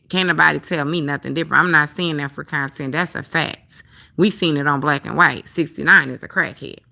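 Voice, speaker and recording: A woman's voice: sits low, creaky, pushed and bright. A woman hosting a livestream, speaking in a blunt, profane, heated rant and repeating her points. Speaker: livestream host. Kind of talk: casual ranting livestream commentary.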